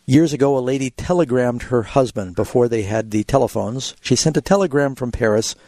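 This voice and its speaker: A man's voice: mid-range voice, fairly quick, dark tone, dry recording. Teacherly male radio pastor. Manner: explanatory, teacherly, tells illustrative stories. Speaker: radio call-in show host and pastor. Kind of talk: radio call-in Bible answers. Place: radio studio.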